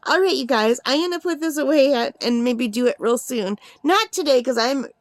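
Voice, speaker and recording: Bubbly woman craft host, overtired and giggling, rambling unboxing chat, high-pitched. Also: expressive, moderate pace, no room sound. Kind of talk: casual unboxing vlog.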